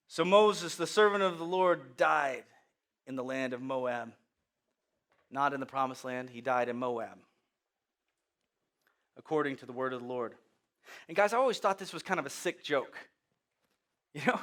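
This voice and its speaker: A man preaching a sermon as pastor, moving from hushed, quiet lines to loud, animated storytelling. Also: medium pitch, moderate pace, pauses often.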